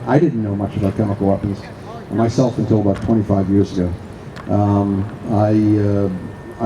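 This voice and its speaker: A man's voice: on the low side, lo-fi sound, noisy background. An older man from Boston with a Boston accent, giving a conference talk at a stand microphone with many fillers and restarts. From Boston area. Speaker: conference speaker. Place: lecture hall. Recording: roomy hall, faint ambience.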